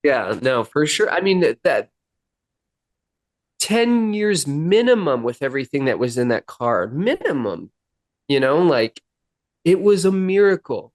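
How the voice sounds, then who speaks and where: An earnest man tells a personal story in a sit-down interview, acting out the back-and-forth dialogue as he goes. His voice has a middling pitch and a dry, close sound with no room around it. At times he sounds close to tears. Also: very animated, measured pace, no echo. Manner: earnest, emotional retelling with quoted dialogue. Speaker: podcast guest, musician.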